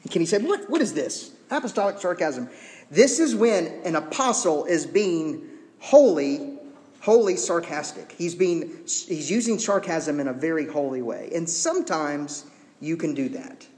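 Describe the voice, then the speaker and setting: A man's voice: on the high side, expressive, a little slow, darkish tone, in a large hall. A man preaching a sermon in an earnest, conversational way, with teasing asides to the congregation. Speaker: pastor.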